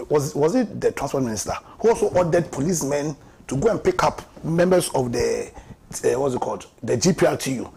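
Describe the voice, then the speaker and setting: A man with a Ghanaian accent and a medium-pitched, creaky, somewhat mellow voice delivers impassioned, mocking political commentary on a talk show, with a little hiss or hum in the audio. He often repeats words for emphasis and laughs at his own jabs.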